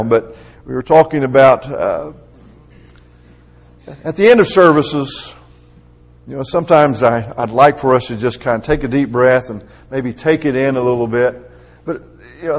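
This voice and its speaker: Middle-aged male preacher, husky and gravelly, conversational delivery with emphatic swells. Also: mid-range voice. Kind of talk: sermon.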